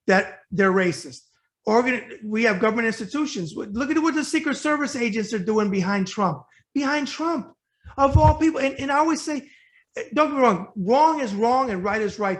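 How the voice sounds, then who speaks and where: Guy from new york hosting a web interview, high voice, talks quick and blunt, repeats himself. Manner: blunt, rapid, emphatic and repetitive. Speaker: web talk show host. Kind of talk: casual interview.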